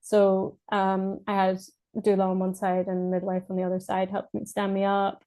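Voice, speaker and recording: A woman's voice: mid-range voice, monotone, moderate pace, mellow. A Scottish woman from Scotland, a podcast guest, telling her birth story in casual speech, hesitant with many fillers and restarts and frequent laughs.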